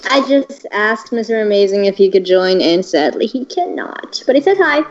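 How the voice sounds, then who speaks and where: A teenage girl co-hosting a casual livestream, excitable and quick to chime in and laugh. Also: mid-range voice. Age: teens. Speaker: livestream co-host. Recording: dull lo-fi mic sound.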